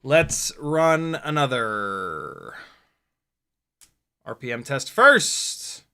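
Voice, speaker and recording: A man vlogging as he flies a small drone, talking to himself in casual commentary with quick exclamations and the odd swear word. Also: mid-range voice, sing-song, pushed and bright, clear, resonant tone. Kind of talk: casual commentary while flying.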